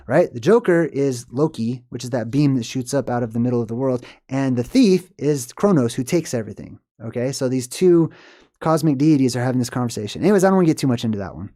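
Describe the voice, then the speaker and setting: Casting: male vlogger, mellow warm tone, digressive and emphatic, constantly asking the viewer "right?". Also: mid-range voice, animated, fast talker. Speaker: movie symbolism commentator. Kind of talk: rambling solo commentary.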